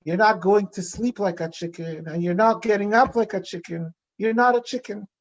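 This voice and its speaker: A man's voice: high voice, moderate pace, dull audio, lightly acted. A man playing a crown prince who believes he is a chicken, scolding in an indignant way.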